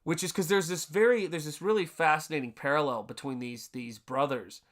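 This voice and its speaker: A man's voice: fairly high pitch, brisk, a bit bright. A man from Tennessee chatting casually on a live art stream, rambling through a story and greeting viewers in the chat. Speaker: livestreaming artist.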